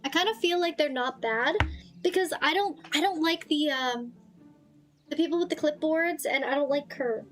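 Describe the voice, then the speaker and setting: A woman streaming a story game in casual chat, reacting loudly and swearing freely, her voice a little tired and strained. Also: sits high, moderate pace, soft background music. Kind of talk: casual gaming livestream chat.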